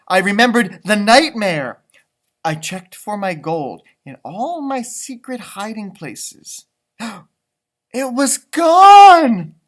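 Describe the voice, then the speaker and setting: A boastful storybook leprechaun, put on by a man reading aloud, tells his tale with slow, dramatic weight. His pitch swings widely and he bursts into loud exclaims. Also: heavily acted.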